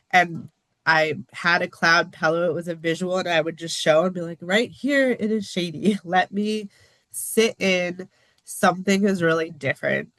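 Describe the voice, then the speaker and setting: A woman from the United States, a podcast guest talking openly in a casual interview, earnest and expressive, with small laughs and lively pitch jumps when she quotes others. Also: dry recording.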